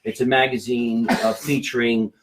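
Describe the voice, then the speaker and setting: Joking New comedy host. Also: male voice, medium pitch, flat delivery, normal speed. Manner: joking, plugging sponsors. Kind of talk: casual comedy talk show. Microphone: phone.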